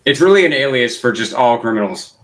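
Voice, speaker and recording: A young man in easygoing podcast banter. He drops jokes deadpan and keeps the chat moving. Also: mid-range voice, brisk, a little hiss or hum. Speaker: podcast co-host, guitarist. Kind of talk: casual chat.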